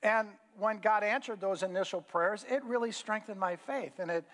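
High-voiced man preaching in echoing hall. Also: moderate pace, fairly bright tone. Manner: conversational, folksy storytelling with fillers. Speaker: pastor. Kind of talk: sermon storytelling. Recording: hall reverb.

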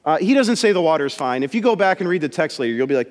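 A man's voice: fairly high pitch, fast, long reverb tail. A man preaching a casual sermon in a church, telling the story with jokes and acting out the voices. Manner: animated storytelling, acts out voices, jokes with congregation. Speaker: pastor. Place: church sanctuary.

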